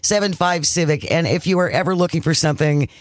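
A man's voice: a little high, no echo, clean studio sound. A man hosting a morning radio talk show, bantering with co-hosts and callers. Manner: animated, reads out phone numbers slowly. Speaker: radio host.

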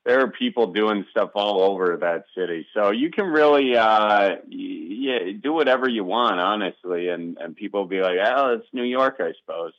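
Low-voiced man with a Wisconsin accent. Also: moderate pace, hardly any pauses, dry recording, highs cut off. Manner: relaxed, rambling, frequent ums. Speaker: guest, comedian and video maker. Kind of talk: casual interview chat.

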